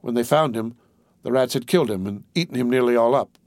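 A man's voice: mid-range voice, fast, no echo, lightly acted. A man reading aloud, voicing a weary, desperate young woman in a raised, pleading tone. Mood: flat.

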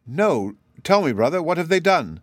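A man's voice: a little high, big pitch swings, normal speed, no echo, clean studio sound, voice pushed up. A man voicing an anxious, devoted grown man who is searching for his lost brother. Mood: pleading. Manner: anxious, pleading.

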